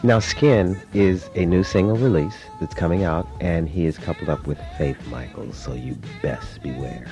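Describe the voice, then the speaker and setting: A radio host with a bottomless bass voice and easygoing showman patter. He speaks like a DJ playing to the crowd, and soft music plays behind him. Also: normal speed, hardly any pauses. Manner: playful, smooth showman patter. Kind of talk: radio interview. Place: Los Angeles studio.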